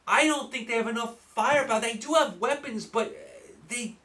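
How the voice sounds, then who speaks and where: A man with a New York accent hosting a solo football picks show, rambling and animated, firing rhetorical questions at listeners. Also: very high voice, normal speed. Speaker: sports betting podcast host. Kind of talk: solo sports picks talk.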